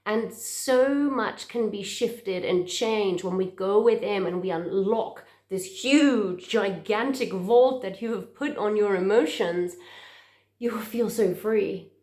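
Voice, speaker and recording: A woman speaks earnestly to camera as a therapist, in a middle-pitched voice. She talks in a heartfelt way and restarts and repeats words as she searches for them. The room around her is echoey. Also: darkish tone.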